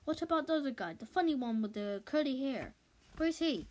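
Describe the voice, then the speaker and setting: A woman voicing a loud, bossy male movie director who barks his lines. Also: sits high, lively intonation, a little fast. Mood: brusque. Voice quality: barking, shouted delivery.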